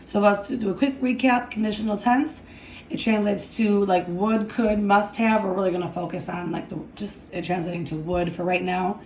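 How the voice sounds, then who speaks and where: This Spanish grammar lesson comes from a woman whose medium-pitched voice is a little mellow, with fairly even intonation. She writes and explains step by step, slow and deliberate, frequently asking "okay?" An echoey room and a little hiss or hum color the audio.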